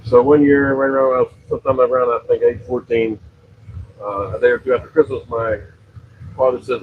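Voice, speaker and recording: A man's voice: mid-range voice, normal speed, long pauses, narrow, tinny audio, slight background noise. A middle-aged man from western Pennsylvania telling a long, rambling story about his pizza shop, with many fillers and self-corrections. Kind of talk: casual storytelling on a livestream.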